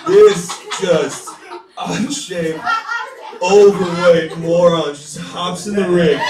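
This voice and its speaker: A man's voice: high voice, recorded from a distance. A man performing a stand-up set, telling rambling, profane stories and talking to the crowd. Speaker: stand-up comedian. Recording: echoey room picked up from afar with loud crowd.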